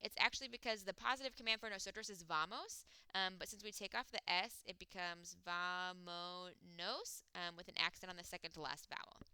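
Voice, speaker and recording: Bright, crisp-voiced woman teaching Spanish. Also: mid-range voice, fast talker, hardly any pauses, no echo. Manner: explains step by step, with frequent "um" and "okay". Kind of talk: recorded classroom lesson.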